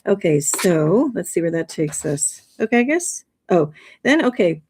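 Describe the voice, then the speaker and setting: A woman's voice: fairly low pitch, sing-song, measured pace, a little mellow, a little hiss or hum. A woman hosting a livestream, talking casually and rambling a bit, with frequent laughs. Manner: rambling, chatty, laughs often. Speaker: livestream host. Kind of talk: casual presentation.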